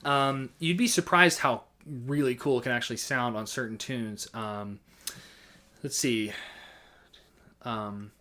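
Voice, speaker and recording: A man teaching accompaniment rhythms in a casual, halting way, often singing rhythm patterns in nonsense syllables. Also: medium pitch. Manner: relaxed, halting, vocalizes rhythms with scat syllables. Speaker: music teacher. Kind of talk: casual instructional talk.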